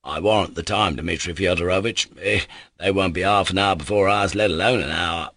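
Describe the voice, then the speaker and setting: A man's voice: low voice, a little fast, a bit bright, no echo, clean studio sound. A man reading an audiobook, voicing a confident coachman who speaks reassuringly.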